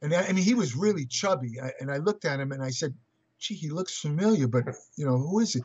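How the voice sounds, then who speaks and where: A man's voice: on the high side, expressive, fast talker, a little mellow, husky. An older man talking as an interview guest, rambling through stories with many hesitant restarts and chuckles. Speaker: guest, fitness writer. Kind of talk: casual interview storytelling. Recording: muffled lo-fi audio.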